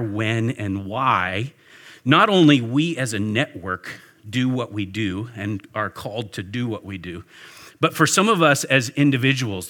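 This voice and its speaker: A man, a pastor, telling a lively story to a church audience and talking back and forth with them. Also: medium pitch. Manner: animated storyteller, talks with the audience. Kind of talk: storytelling sermon. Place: warm indoor church hall with an audience.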